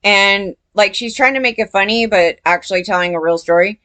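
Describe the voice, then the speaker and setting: A commentary vlogger talks casually to camera, rambling with lots of fillers and restarts, questioning herself and often saying she doesn't know. Her medium-pitched voice is brisk, bright and forceful, with no room sound.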